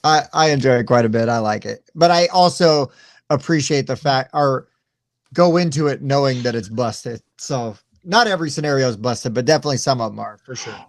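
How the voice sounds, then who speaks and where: A man's voice: mid-range voice, animated, brisk, no room sound. A man co-hosting a casual board game livestream, cheerfully defending his favorites with playful exasperation. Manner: good-natured, defends his games with laughing exasperation. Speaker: board game show co-host.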